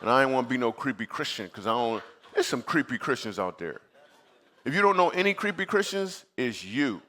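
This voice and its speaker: Man from michigan, comedian giving a sermon, chatty storytelling, medium-pitched voice. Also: sing-song, a little fast, bright, forceful tone. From Michigan, USA. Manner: conversational, acts out his own past replies. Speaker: comedian and guest speaker. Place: church stage before a live audience.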